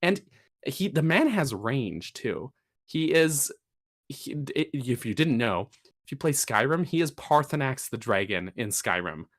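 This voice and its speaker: Speaking at a measured pace in a mid-range voice with big pitch swings, a man co-hosts a laid-back podcast. His talk wanders, with fillers and false starts, and grows emphatic as he presses his points.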